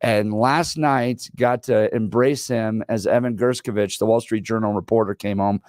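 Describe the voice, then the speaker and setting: A man in his forties co-hosting a radio talk show, telling stories in an animated way and laughing as he goes. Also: on the low side, moderate pace, dry recording, clean studio sound. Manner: animated storyteller, laughs while telling anecdotes.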